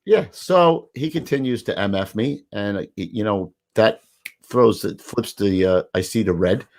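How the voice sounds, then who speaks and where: A middle-aged man, a podcast co-host, telling a profane, animated story in casual chat. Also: fairly low pitch, moderate pace.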